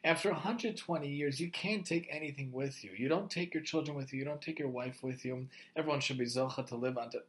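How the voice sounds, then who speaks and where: A man's voice: medium pitch, fast, few pauses, fairly bright tone. A man giving a religious talk, emphatic and piling up rhetorical questions. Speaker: Torah teacher.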